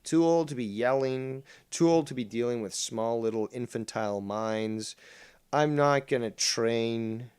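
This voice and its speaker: A middle-aged man hosting a casual call-in show, talking in a calm, droning monotone and cursing bluntly without ever raising his voice. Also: medium pitch, measured pace, smooth. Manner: calm, never yells, blunt and profane. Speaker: show host.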